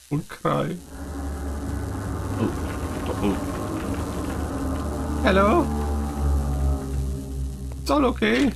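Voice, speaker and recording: Nervous gravelly man streaming a horror game. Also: high-pitched. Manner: nervous, calling out to ghosts, chatty. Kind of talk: horror game let's play. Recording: noisy stream audio.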